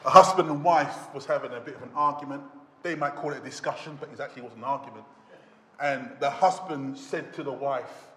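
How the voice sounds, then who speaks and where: A man preaching a sermon in a church, dramatic, swinging between shouts and hushed low phrases. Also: brisk. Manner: dramatic, rising to shouts and dropping to near whispers. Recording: echoey church hall.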